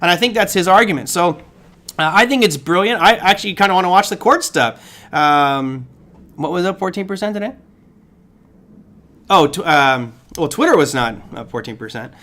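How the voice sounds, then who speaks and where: A man's voice: high voice, animated, moderate pace, a bit bright. A middle-aged man hosting a live trading show, giving casual market commentary, thinking aloud and reading viewer comments.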